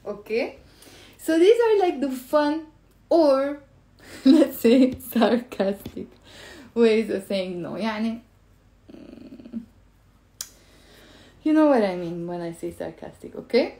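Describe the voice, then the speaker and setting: A woman with a Lebanese Arabic accent gives a playful, chatty language lesson live, her voice sitting a little high. She keeps repeating phrases slowly for her viewers and talks into a phone or webcam. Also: lively intonation, dark tone. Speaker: Arabic teacher.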